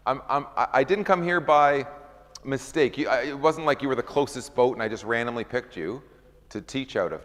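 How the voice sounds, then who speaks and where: A man's voice: medium pitch, moderate pace, a bit bright. A man leading an informal Bible study, talking conversationally, asking the group questions and acting out scripture scenes. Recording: long hall reverb.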